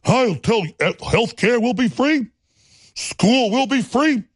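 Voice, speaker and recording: A man imitating a smug male politician who makes slow, lofty declarations in a raised voice. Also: very high voice, expressive, dry recording, clean studio sound, voice pushed up, full character voice. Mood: mocking.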